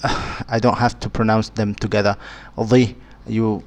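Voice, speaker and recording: Slow, patient man teaching. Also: on the low side, flat delivery. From Egypt. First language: Arabic. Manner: patient, repeats and sounds out letters one by one. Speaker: Arabic teacher. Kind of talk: beginner language lesson.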